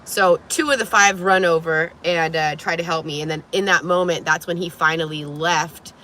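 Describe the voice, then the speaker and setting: A woman vlogger recounts a story from inside a vehicle, her voice bright and ringing. She talks in an animated, profane rush, breaking into laughter and coughs, with a faint hum of ambience behind her. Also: sits low, moderate pace. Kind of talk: casual storytelling to camera.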